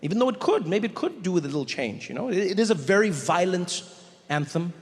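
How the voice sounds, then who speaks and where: A man with a South African accent doing a stand-up set in a theater, animated and mocking in a conversational way. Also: high-pitched, fast talker, in a large hall. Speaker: stand-up comedian.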